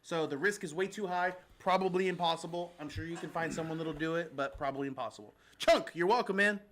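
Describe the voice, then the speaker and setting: A man with a high, bright, forceful voice reads listener questions on a casual mortgage show. He laughs easily and chats back and forth with his co-host. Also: fast talker. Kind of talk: casual chat.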